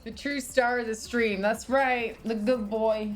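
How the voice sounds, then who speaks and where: A chatty British woman streams live, her accent drifting toward American at times. Her voice sits a little high and she laughs easily, swearing casually between greetings to viewers. Faint music plays behind her. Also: steady tone, measured pace. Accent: British, partly American after years in the US. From Britain. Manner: chatty and giggly, swears freely, coos at her dog. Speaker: livestreamer. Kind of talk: casual livestream chat, reading out chat.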